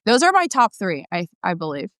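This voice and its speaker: Smooth-voiced woman, slangy and excited. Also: on the low side, brisk, no room sound, studio quality. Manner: enthusiastic, slangy, swears freely. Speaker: guest soccer correspondent. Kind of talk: casual chat.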